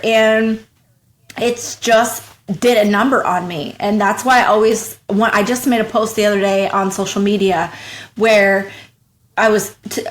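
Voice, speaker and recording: Talkative woman, lively storytelling guest. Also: medium pitch. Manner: animated, acts out her own past thoughts in quoted voices; frank and talkative, rapid bursts of speech. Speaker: podcast guest, small business owner. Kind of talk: casual interview storytelling.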